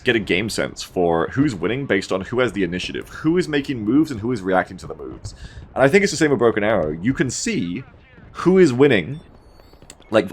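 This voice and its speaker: A man in his thirties giving a casual, animated game match review, swearing and acting out his own panicked reactions. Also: lowish voice. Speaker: gaming commentator.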